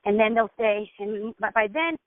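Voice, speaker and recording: A woman's voice: mid-range voice, normal speed, dry recording, narrow, tinny audio. A woman mentor giving direct coaching instructions to her team, often checking in with "okay?". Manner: direct, peppers points with "okay?".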